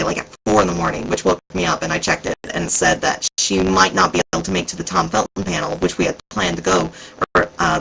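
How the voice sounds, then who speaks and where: A man vlogging casually about a convention, rambling and excitable, with plenty of fillers. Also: on the high side, creaky, a little hiss or hum, low-quality recording. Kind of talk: casual chat recounting events.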